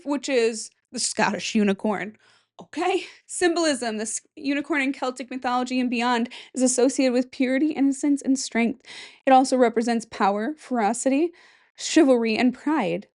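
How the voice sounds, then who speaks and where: A woman's voice: high voice, normal speed, darkish tone. A young woman hosting a solo podcast, chatting casually and rambling, with giggly asides. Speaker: podcast host.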